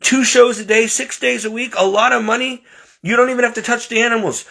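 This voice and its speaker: A man voicing an eager, pushy male show manager who pleads with rapid excitement. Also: very high-pitched, creaky, breathy edge, pitched above the performer's own voice, full character voice. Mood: excited.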